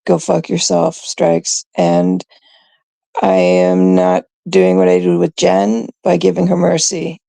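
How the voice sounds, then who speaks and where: A woman from Canada hosting a live stream, scolding and ranting bluntly at a troll, her talk full of fillers and pauses. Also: lowish voice, sing-song, gravelly, dark tone, no room sound.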